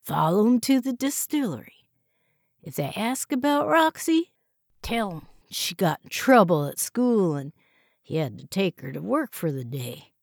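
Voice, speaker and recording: A woman voicing a gruff, soft-spoken male farmhand with a folksy drawl, in a storybook reading. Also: mid-range voice, big pitch swings, measured pace, no room sound, clean studio sound, full character voice. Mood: low, steady.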